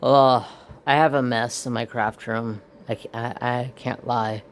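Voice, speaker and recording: A man's voice: steady tone, moderate pace. A man hosting a craft video, rambling with hesitations and restarts, chatting casually at home. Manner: baby-talks high-pitched to his dog. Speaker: craft channel host.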